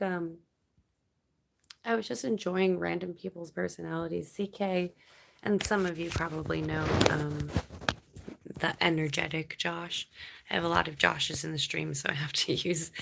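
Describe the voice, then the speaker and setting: A woman from Canada hosts a late-night livestream, rambling as she reads her viewers' comments aloud. Her voice sits fairly low and carries heavy vocal fry. She talks at a very slow, easy pace. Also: flat delivery, a bit bright. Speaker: livestream host.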